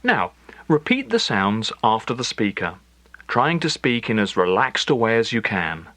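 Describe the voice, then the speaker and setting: A man teaches a recorded language lesson, his voice animated in pitch and recorded dry and close. He explains each step clearly and at a measured pace. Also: dry recording. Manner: clear, measured instructional delivery. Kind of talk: scripted lesson narration.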